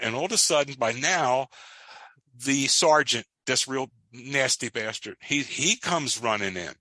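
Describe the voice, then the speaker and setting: A man's voice: medium pitch, expressive, a little slow, pushed and bright, dry recording. A man co-hosting a podcast, retelling a movie scene in casual chat with emphatic outbursts and frequent restarts. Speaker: podcast co-host.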